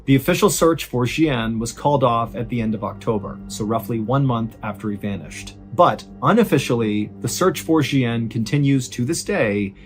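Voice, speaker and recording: A man hosting and narrating true scary stories in a suspenseful, conversational way, slowing down for emphasis. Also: mid-range voice, lively intonation, faint music behind. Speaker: storyteller host. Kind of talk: dramatic true-story narration.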